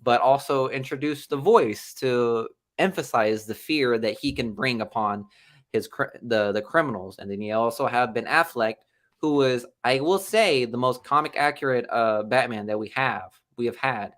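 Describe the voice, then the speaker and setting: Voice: mid-range voice, moderate pace. A podcast co-host in casual chat, rambling with many fillers and restarts. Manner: rambling, filler-heavy, jokes with loud excited outbursts.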